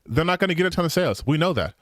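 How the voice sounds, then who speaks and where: A man's voice: a little high, big pitch swings, very fast, no room sound, studio quality. A young man, streaming and mocking online posts in profane, casual commentary.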